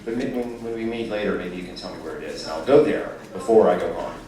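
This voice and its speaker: A man fielding audience questions at a live event, bantering and teasing the crowd in a quick-witted, joking way. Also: deep voice, slight background noise. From California-born, raised in North Georgia. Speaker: guest answering audience questions. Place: large echoey venue with a live audience. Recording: echoey hall, distant mic, loud crowd.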